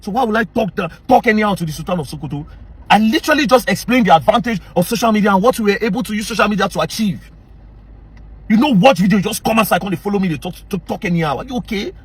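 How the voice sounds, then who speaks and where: Brief: Nigerian man with a Pidgin-inflected accent, rapid-fire and confrontational, dry close sound. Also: sits high, animated, breathy edge, no room sound. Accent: Nigerian Pidgin-inflected English. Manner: confrontational, heated, mixes English with Pidgin. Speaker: social media commentator. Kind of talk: angry direct-to-camera rant.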